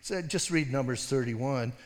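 A male pastor preaching a sermon as casual, animated storytelling full of slang and asides. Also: mid-range voice, a little slow, long reverb tail.

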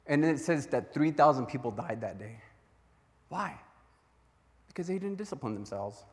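A man preaching a sermon as a pastor, telling Bible stories in an animated way and acting out their voices. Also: medium pitch, normal speed, pauses often, in a large hall. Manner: animated storytelling with acted-out voices.

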